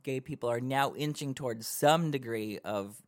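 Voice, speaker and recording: A man's voice: mid-range voice, moderate pace. Wry man giving opinions on a podcast. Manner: opinionated, wry, earnest commentary. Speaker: podcast co-host. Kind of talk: casual podcast chat.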